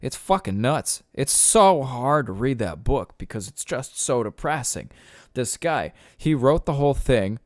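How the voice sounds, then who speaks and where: A man's voice: medium pitch, lively intonation, unhurried, dry recording, studio quality. A young man hosting a solo podcast, ranting in a profane, rambling way with lots of fillers. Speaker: podcast host. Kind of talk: casual solo podcast rant.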